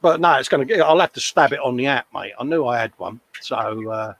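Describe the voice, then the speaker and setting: A British man co-hosts a casual live modelling stream from his hobby workshop bench, bantering and reading viewer comments aloud. His mid-range voice is animated, a little fast and fairly bright, with no room sound.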